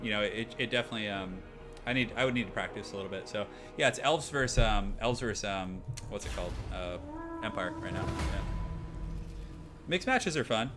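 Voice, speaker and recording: Young male streamer, put-on Australian accent, nasal and low-voiced, chatty over game music. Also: expressive, fairly quick. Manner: chatty, upbeat, rambling with fillers. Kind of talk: casual live-stream gameplay chat. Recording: game music playing behind.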